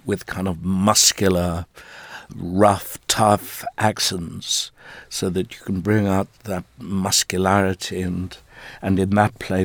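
Deep, slow-spoken man from South Africa. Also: creaky, no echo. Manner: measured, thoughtful, deliberate phrasing. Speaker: interviewee, stage actor. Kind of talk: reflective interview answers.

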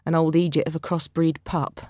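A woman guest critic talks about books at a brisk, rapid clip. She is animated and chatty, and the studio sound is dry and close. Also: deep voice, no room sound. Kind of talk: radio review discussion.

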